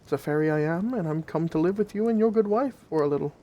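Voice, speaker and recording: A man voicing a small, beautiful young female fairy who speaks with easy, matter-of-fact calm in a told story. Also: on the high side, fast, dull audio, lightly acted.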